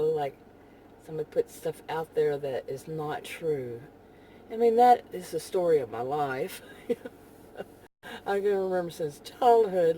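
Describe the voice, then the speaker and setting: A woman with a Texan accent rambling casually in a vlog while driving, full of "you know" fillers and soft laughs. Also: lowish voice, slight background noise. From Texas. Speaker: vlogger.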